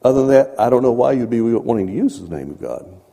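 A man preaching a sermon in a conversational way, repeating phrases and swinging from soft asides to emphatic points. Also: mid-range voice, sing-song, quick pace, gravelly, husky, long reverb tail.

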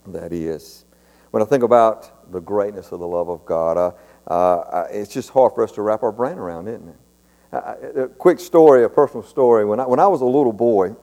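A man's voice: mid-range voice, mellow. A man, preaching a sermon in a folksy, earnest way and often repeating his words. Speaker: pastor. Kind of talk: sermon storytelling. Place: church sanctuary. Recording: long church reverb.

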